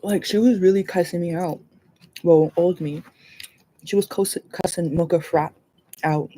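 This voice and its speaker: A woman hosting a casual livestream chat, rambling and animated, swearing freely and laughing often. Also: lowish voice, unhurried. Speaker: livestream host.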